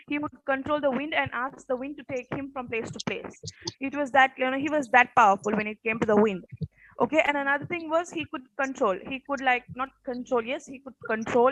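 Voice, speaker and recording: A woman teacher tells her class a story in a high, fairly bright voice roughened by a morning rasp. She keeps it casual, saying "okay" often and throwing in quiz questions to check on the students. The recording is rough, dry and close, with no echo or room sound.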